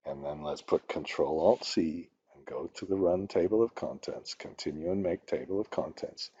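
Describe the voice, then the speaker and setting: A man's voice: sits low, moderate pace, mellow, lo-fi sound, slight background noise. An older man teaching a spreadsheet tutorial, rambling and ranting, with swearing when annoyed. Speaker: instructor. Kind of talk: screen-recorded spreadsheet tutorial.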